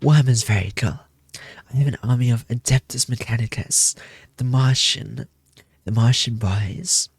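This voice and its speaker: A man's voice: mid-range voice, normal speed, creaky, breathy edge, no echo, studio quality. A young man chatting casually on a stream, rambling and playful, repeating his phrases with self-mocking asides. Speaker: VTuber streamer. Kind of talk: casual debut stream chat.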